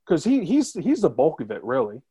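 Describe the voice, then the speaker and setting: A man's voice: fairly high pitch, wildly swooping pitch, a little fast, mellow. Man critic, emphatic casual film talk. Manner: emphatic, with filler-heavy restarts. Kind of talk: casual film review chat.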